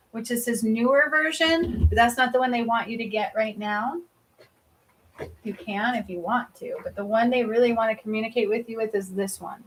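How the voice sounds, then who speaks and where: Casting: woman, psychic livestream host, a bit high-pitched, talky, laughs a lot, swears casually. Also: a bit bright, a little hiss or hum, rough recording. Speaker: psychic reader and energy healer. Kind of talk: casual livestream card reading.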